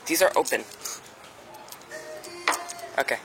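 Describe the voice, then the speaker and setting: A woman's voice: slow pace, low-quality recording. A woman vlogging while shopping with her mother, joking around and reading out product names. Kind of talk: casual vlog chat. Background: background music.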